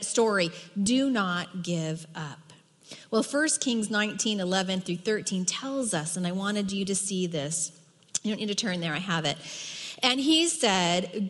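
A middle-aged woman teaching a women's Bible study in an earnest, emphatic way, dropping soft for quoted words. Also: mid-range voice. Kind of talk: sermon. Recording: long hall reverb.

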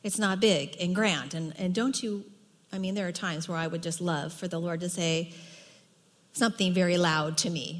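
A middle-aged woman teaching a women's Bible study in an earnest, emphatic way, dropping soft for quoted words. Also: on the low side, moderate pace. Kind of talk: sermon. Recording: long hall reverb.

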